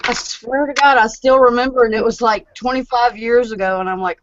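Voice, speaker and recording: A woman's voice: a little high, fairly even intonation, moderate pace, noisy background. A woman, telling a story in a casual chat and laughing at herself. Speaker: guest. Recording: lo-fi sound.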